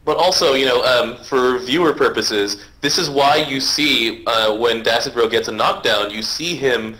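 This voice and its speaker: A man's voice: mid-range voice, moderate pace, sharp tone, rough recording. A man co-hosting a casual gaming podcast, dropping in short joking remarks. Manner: joking interjections.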